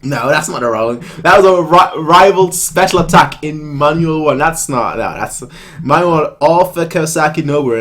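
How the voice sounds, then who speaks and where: A man's voice: a little high, fairly bright tone. A man hosting a reaction video, reading a manga aloud and joking in a rambling way, stumbling over his words.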